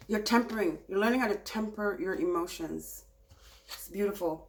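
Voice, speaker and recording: A woman's voice: medium pitch, moderate pace, long pauses, slight background noise. Woman giving a soothing tarot reading. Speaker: tarot reader.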